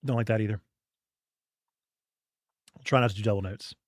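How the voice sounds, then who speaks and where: A man's voice: lowish voice, steady tone, moderate pace, no room sound, studio quality. A man streaming a video game in casual commentary, thinking aloud as he tinkers.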